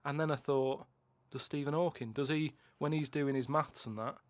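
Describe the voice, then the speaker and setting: Fella rambling on, keeps stumbling over his words, slightly higher voice, dry close sound. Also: fairly even intonation, dry recording. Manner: hesitant, halting, repeats words while explaining. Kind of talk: rambling comedic chat.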